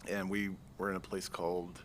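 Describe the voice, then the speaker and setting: A man from the Marshall Islands, a guest on a podcast, talking in a laid-back, dry and sarcastic way with halting fillers. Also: low-pitched, flat delivery, a little hiss or hum. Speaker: guest, army veteran. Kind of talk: casual interview chat.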